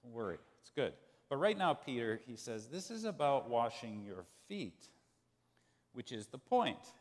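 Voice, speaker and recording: A man preaching a sermon as pastor, telling a story in an animated way and acting out the quoted voices. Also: medium pitch, unhurried. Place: church sanctuary. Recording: long church hall reverb.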